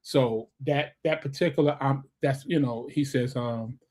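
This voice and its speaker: A man from New York co-hosting a podcast in casual chat, animated, reading live comments aloud with quick exclamations. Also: medium pitch. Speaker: podcast co-host.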